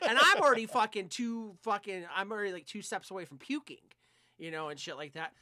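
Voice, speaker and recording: In a laid-back podcast chat, a young male co-host delivers a rambling, cuss-filled anecdote with plenty of animation. His voice is high-pitched and his pace fairly quick.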